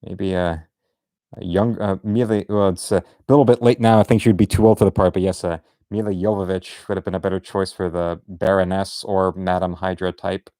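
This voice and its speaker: A man's voice: low voice, flat delivery, brisk, hardly any pauses, mellow, dry recording, studio quality. A man giving rambling, casual commentary while drawing, with many restarts and muttered asides. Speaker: artist streaming a drawing session.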